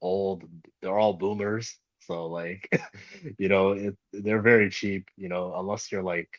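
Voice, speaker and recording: A man talking casually on a sports podcast, halting and full of fillers. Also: low voice, flat delivery, lo-fi sound. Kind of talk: casual chat.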